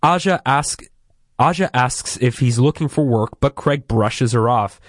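A man's voice: mid-range voice, unhurried, no room sound, clean studio sound. A man co-hosting a podcast, recapping episode plots in a wry, chatty way with frequent hedges. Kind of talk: casual chat.

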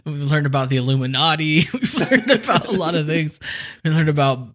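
Jokey podcast co-host, male, bright tone, somewhat high pitch. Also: a little fast. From California. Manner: laughs often, jokey. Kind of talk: casual chat.

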